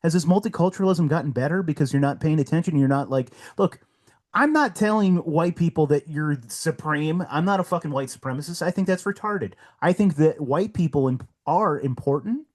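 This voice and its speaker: A man's voice: a little high, a little fast, a little mellow. A man guesting on a podcast, ranting bluntly with heavy profanity and heated emphasis. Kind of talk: casual podcast rant.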